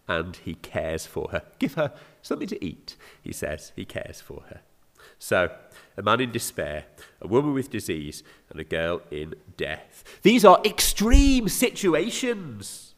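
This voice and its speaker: A man's voice: low-pitched, unhurried, a bit bright. A man with an English accent preaching a sermon, earnest and often asking his listeners rhetorical questions. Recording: reverberant hall.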